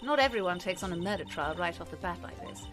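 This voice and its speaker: A woman's voice: on the low side, expressive, fast, over music, voice pushed down, close to an everyday voice. A woman putting on a posh senior lady lawyer. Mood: encouraging. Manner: posh, encouraging.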